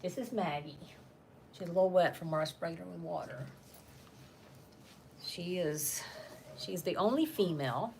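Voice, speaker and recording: Lady rambling on her home livestream, lowish voice, laughs a lot, faint hum behind her. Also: unhurried, vocal fry, long pauses, a little mellow. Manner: chatty, laughs often, talks to her dogs. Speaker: channel host reading live chat. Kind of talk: casual live-stream chat.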